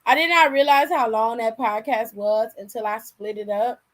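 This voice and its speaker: A woman's voice: fairly high pitch, fairly even intonation, normal speed, a bit bright, poor audio. A woman hosting a wrestling channel, chatting casually and slangily with viewers on a live stream while tired and yawning.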